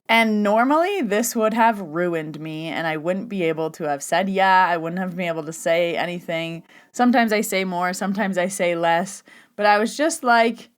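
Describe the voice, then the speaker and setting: Chatty woman podcast host, slightly low voice. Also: smooth. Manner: chatty, animated, acts out quoted dialogue. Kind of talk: casual storytelling monologue.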